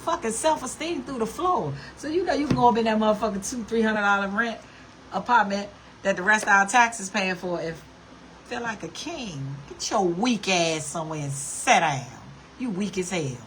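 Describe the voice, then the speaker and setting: A woman's voice: mid-range voice, lively intonation, moderate pace, fairly bright tone, slight background noise. A woman vlogger ranting to her camera in a blunt, profane, scolding way. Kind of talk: casual rant to camera.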